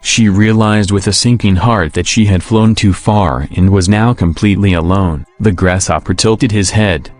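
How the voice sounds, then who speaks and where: A man reading a children's storybook in scripted narration, in an even, measured way. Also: lowish voice, faint music behind.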